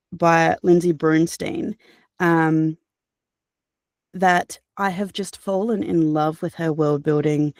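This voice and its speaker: An Australian woman, a voice actor and audiobook narrator, answering interview questions in a chatty, animated way with fillers and restarts. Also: lowish voice, no room sound, clean studio sound.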